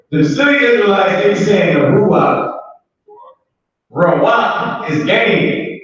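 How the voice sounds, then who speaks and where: A man teaching a room of students, joking and drawing his words out at a slow, unhurried pace. His voice sits somewhat high for a man. He is picked up from far off in a very echoey room on a dull, muffled recording. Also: fairly bright tone. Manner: joking, drawn-out, laughs between points. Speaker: language teacher. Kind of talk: casual live classroom teaching. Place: classroom with students.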